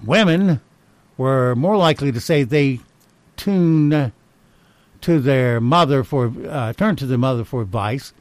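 A man's voice: mid-range voice, animated, unhurried, no room sound. A man hosting a radio show, reading poll results and fun facts in casual banter, with dry little asides. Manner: wry, reads items aloud with dry asides.

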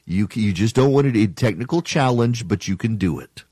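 A man's voice: on the low side, lively intonation, brisk, a little mellow, husky, no room sound. A man hosting a talk radio show, delivering an opinionated monologue in an emphatic, argumentative way and mocking his critics.

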